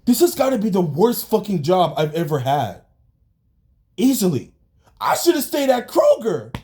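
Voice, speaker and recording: A young man rants into the camera, yelling and cursing as he vents his frustration. His voice sits high for a man and lurches up and down in pitch with every outburst. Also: huge pitch swings, moderate pace. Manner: yelling and swearing, venting frustration. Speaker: vlogger. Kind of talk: angry rant vlog.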